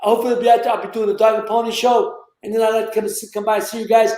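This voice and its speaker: A man chatting as a guest on a show, joking and breaking into loud exclamations. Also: high-pitched, little pitch movement, racing. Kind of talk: casual chat. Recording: echoey room audio.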